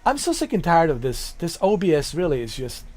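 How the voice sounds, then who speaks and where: A man's voice: fairly high pitch, huge pitch swings, a little fast, darkish tone. A man chatting casually on a live game stream, rambling and repeating himself, with casual swearing.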